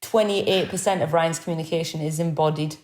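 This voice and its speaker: A woman's voice: low voice, steady tone, a little fast, a little mellow. Geordie woman co-host, dry wit, casual chat. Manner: dry, teasing humour. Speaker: podcast co-host. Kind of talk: casual nature podcast chat.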